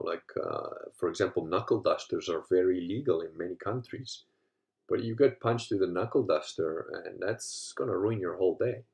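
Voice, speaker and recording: Brief: man, 50s, from Africa, low-pitched, casual profane storyteller who shifts from mutters to loud bursts. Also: gravelly. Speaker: host. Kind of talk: casual monologue.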